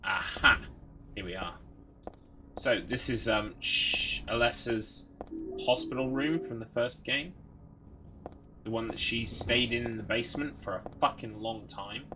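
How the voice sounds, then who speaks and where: A man's voice: mid-range voice, measured pace, long pauses, background noise. A young British man streaming a horror game, reading item text aloud and joking with his chat. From Britain. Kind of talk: casual game commentary.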